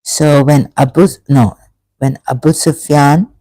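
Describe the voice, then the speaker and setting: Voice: mid-range voice, steady tone, takes it slowly, mellow, no echo, low-quality recording. A speaker giving an emotional, rambling monologue commentary with many restarts. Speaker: religion critic.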